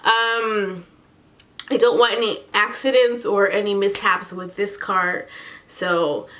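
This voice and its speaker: A woman's voice: medium pitch, steady tone, slow, fairly bright tone. Chatty young woman vlogging. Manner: chatty, laughs often, slangy. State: pregnant. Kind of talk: casual pregnancy update vlog.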